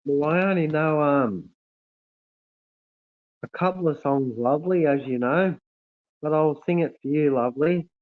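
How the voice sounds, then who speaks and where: A man's voice: a little high, a little slow, long pauses. A man hosting a casual livestream, reading out viewer comments and calling everyone mate and brother. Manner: warm, effusive, calls everyone mate and brother. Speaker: livestream host. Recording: tinny phone-like audio.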